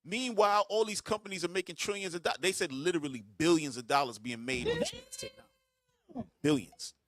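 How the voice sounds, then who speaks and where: This is a middle-aged man hosting a casual radio talk show. His delivery is animated and emphatic, with a pitch that rises and falls a lot. The voice sits dry and close to the mic. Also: no echo. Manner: animated, emphatic, quick reactions.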